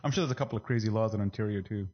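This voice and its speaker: A man hosting a casual podcast, relaxed and easily amused. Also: fairly low pitch, very fast, muffled recording. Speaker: podcast host. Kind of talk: casual chat.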